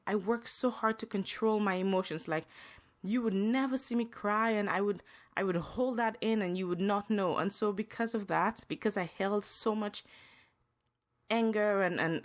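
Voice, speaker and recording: A young adult woman hosting a podcast, telling personal stories in a casual, emotional way with frequent restarts. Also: mid-range voice. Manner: emotional, earnest storytelling with many restarts. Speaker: podcast host.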